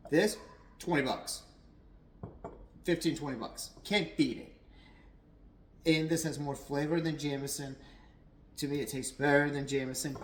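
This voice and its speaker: A man's voice: medium pitch, slight background noise. Chatty man in a roomy space. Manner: chatty and rambling, many fillers and restarts. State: a little tipsy. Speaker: whiskey reviewer. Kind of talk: casual tasting review. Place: at home.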